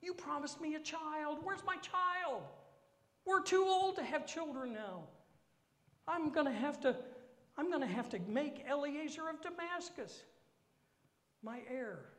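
A man voicing a whiny, complaining aging patriarch in a high plaintive tone during a sermon. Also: lively intonation, unhurried, pauses often, fairly bright tone, full character voice. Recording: echoey hall.

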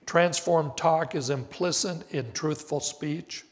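Older male pastor, unhurried emphatic sermon delivery, voice sits a bit high, long church-hall reverb. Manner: slow, deliberate preaching with emphatic rises. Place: church sanctuary.

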